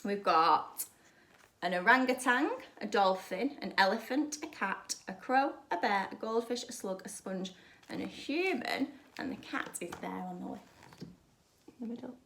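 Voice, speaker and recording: A woman teacher reading a children's story aloud in a lively, expressive way, with chatty asides. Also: medium pitch, measured pace, gravelly, reverberant. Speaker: primary school teacher.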